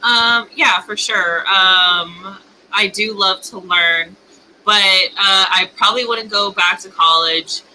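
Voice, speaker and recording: A woman in a casual group chat, hesitant and filling pauses with ums. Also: medium pitch, bright, forceful tone, slight background noise, rough recording. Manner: hesitant, many fillers. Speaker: panelist.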